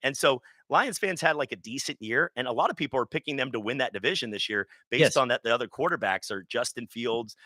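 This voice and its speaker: A man's voice: mid-range voice, lively intonation, quick pace, hardly any pauses, pushed and bright, no room sound. A man hosting a casual sports talk show, rambling and joking with plenty of restarts. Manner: rambling, jokey, with lots of restarts.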